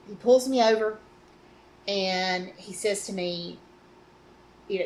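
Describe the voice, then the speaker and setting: Chatty woman cohost telling stories, lots of mm-hmms, little bit of hiss behind. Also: mid-range voice. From North Carolina. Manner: chatty storyteller, quick affirming murmurs. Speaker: podcast co-host. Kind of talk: casual chat.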